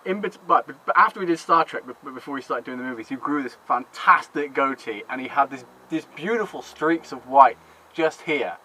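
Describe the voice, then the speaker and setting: A man's voice: mid-range voice, fairly quick, sharp tone, rough recording. A man in casual chat, rambling and swearing, laughing often. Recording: faint background noise.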